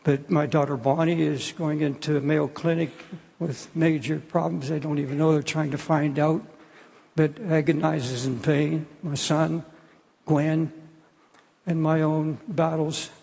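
A man's voice: a little high, flat delivery, unhurried, gravelly, a little mellow, breathy edge. An older man preaching a sermon in an earnest, pleading way, often restarting his phrases. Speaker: pastor. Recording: long hall reverb.

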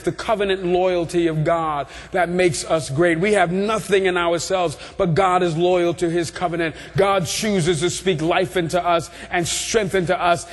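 A man preaching a sermon with passion, building through repeated phrases and rising to shouts. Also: sits high. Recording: long reverb of a large hall.

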